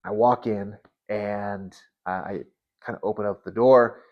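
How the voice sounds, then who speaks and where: Low-voiced man telling an earnest testimony. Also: fairly even intonation, dull audio. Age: 30s. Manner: earnest, halting, repeats words as he restarts. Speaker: Christian vlogger. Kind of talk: personal testimony storytelling.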